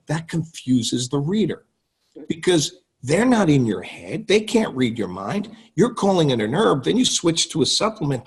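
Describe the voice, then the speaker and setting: A man's voice: fairly high pitch, vocal fry, husky. A man teaching copywriting on a group call, talking conversationally and often checking in with his listeners. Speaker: copywriting coach. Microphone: call audio.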